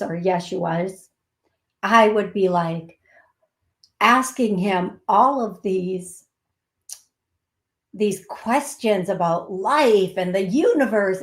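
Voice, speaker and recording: A woman with an Upper Midwest accent hosting a call-in psychic show, calling people love in a soothing, unhurried way. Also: medium pitch, echoey room. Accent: Upper Midwest American. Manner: warm, calls people love, slow and soothing; laughs at herself, gets giggly. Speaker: psychic medium host.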